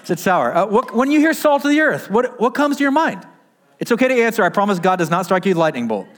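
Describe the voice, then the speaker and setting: A man's voice: sits high, very animated, fast talker. Conversational man preaching a sermon. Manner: conversational, asks the congregation questions. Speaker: pastor. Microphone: wearing a mask.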